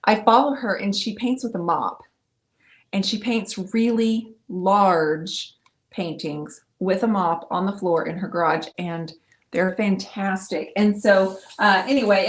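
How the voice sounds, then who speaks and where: A woman's voice: mid-range voice, normal speed. A middle-aged woman hosting a live painting stream, chatting casually and explaining each step as she paints.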